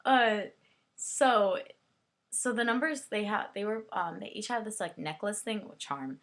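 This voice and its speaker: Bright, giggly young woman chatting. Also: mid-range voice, unhurried, vocal fry. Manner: giggly, chatty, heavy use of "like". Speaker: book and movie reviewer. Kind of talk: casual rambling video review.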